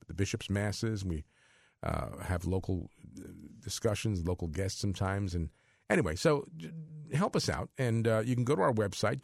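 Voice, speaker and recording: A man's voice: low-pitched, vocal fry, a little mellow, dry recording. A middle-aged man hosting a religious radio show from a studio, talking in a rambling, chatty way and chuckling between thoughts. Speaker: radio host. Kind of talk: casual on-air talk. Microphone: studio microphone.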